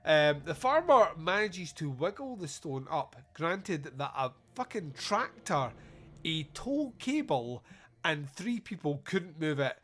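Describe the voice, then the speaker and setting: A man with a slightly raised voice, hosting a casual film-review chat. He swears freely and jokes as he goes. He acts out the film's lines in quick put-on voices. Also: fairly high pitch, sing-song, fairly bright tone. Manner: sweary, jokey, quotes scenes in put-on voices. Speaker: podcast host.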